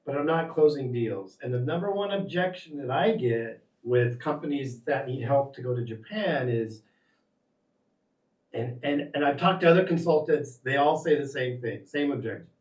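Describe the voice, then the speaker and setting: A man's voice: mid-range voice, normal speed, a little mellow, roomy sound, distant mic, poor audio. A man asking a coach for advice, earnest and a little hesitant. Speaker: caller seeking advice. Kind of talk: asking a question.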